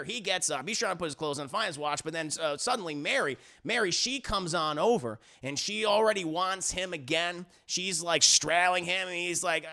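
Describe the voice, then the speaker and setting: A man's voice: high-pitched, animated, normal speed, few pauses, pushed and bright. A man streaming live, animatedly retelling a story with lots of cursing while talking to his chat. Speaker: streamer reviewing media.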